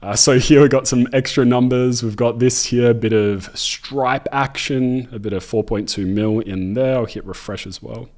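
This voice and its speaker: A man's voice: medium pitch, moderate pace, few pauses, darkish tone. An upbeat young Australian man with an Australian accent, talking casually to camera about running online businesses, with a jokey, self-deprecating manner. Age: 20s. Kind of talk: casual direct-to-camera talk.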